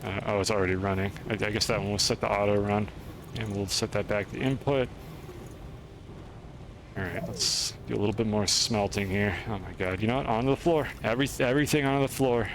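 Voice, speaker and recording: A man's voice: on the low side, fairly even intonation, a little fast, noisy background. A man streaming a game, chatting through his moves in a rambling, self-deprecating way. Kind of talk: gameplay commentary.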